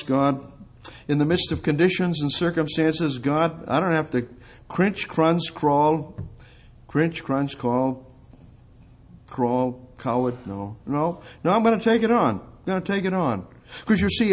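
Fervent husky male preacher. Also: fairly high pitch, expressive, measured pace. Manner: fervent, repetitive, swings between loud outbursts and hushed prayer. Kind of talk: sermon.

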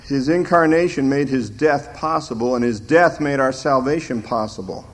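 An older man preaching a sermon as pastor, slow and emphatic, lifting his voice when he quotes scripture. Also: mid-range voice, a little hiss or hum.

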